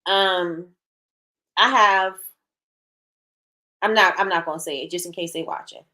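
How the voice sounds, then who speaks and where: A woman with a fairly low, sharp-toned voice, speaking at normal speed, hosts a casual opinion talk show. Blunt and frank, she reads live chat comments from viewers aloud, answers them, and restates her points for emphasis.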